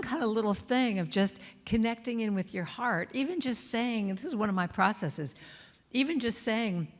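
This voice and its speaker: A woman's voice: fairly high pitch, lively intonation, normal speed. Chatty woman speaker in a reverberant hall. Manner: warm, chatty, playful, acts out quotes and sings snippets. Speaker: inspirational speaker and singer. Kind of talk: spiritual talk to a congregation. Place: large church hall. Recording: long reverb of a large hall.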